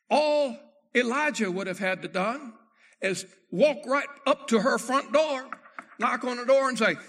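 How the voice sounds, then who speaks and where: Preacher, male, high bright tone, dramatic loud-to-soft delivery, acts out quoted scripture. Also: lively intonation, measured pace. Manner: acts out the prophets' words in quoted speech. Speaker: pastor. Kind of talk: sermon.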